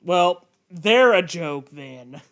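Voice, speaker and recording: A man's voice: high voice, lively intonation, drawn-out words, a bit bright. A man streaming a game with friends, cracking crude, sarcastic jokes in casual chat.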